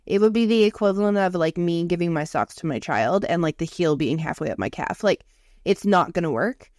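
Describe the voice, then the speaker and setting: A woman's voice: fairly low pitch, animated, fairly quick, darkish tone, no echo. Dry-sounding woman chatting casually. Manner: chatty, swears freely, lots of "like". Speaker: podcast co-host. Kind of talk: casual chat. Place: lives in Canada.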